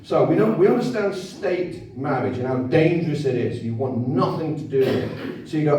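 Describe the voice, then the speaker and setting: A man's voice: on the high side, lively intonation, normal speed, mellow. A man giving a conversational, repetitive talk to an audience, often asking them to agree. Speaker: speaker at a public event. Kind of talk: informal lecture to an audience. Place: hall. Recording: echoey hall, voice from far off.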